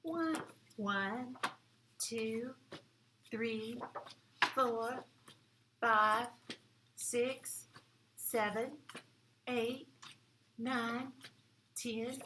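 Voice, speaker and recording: A woman voicing a motherly storybook mama bear, counting slowly aloud for small children. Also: fairly high pitch, background noise. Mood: gentle.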